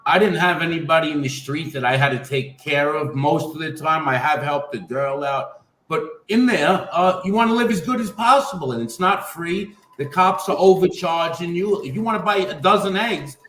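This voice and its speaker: A man calmly giving a matter-of-fact account in a panel discussion. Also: a little high, normal speed, roomy sound, rough recording. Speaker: formerly incarcerated panel guest.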